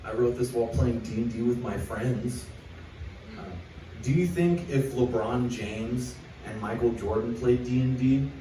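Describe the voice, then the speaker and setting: A man's voice: medium pitch, a little hiss or hum. A young man doing a rambling, crude stand-up set at an open mic, reading jokes off a list on a small club stage. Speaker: stand-up comedian. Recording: echoey club recorded from far off.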